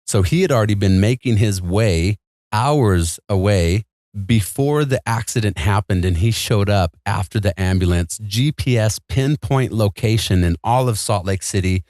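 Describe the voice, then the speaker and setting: A man's voice: fairly low pitch, animated, moderate pace, darkish tone, no room sound, studio quality. A man as an interview guest, telling a personal story in a casual, earnest and emphatic way, full of "like" and "man".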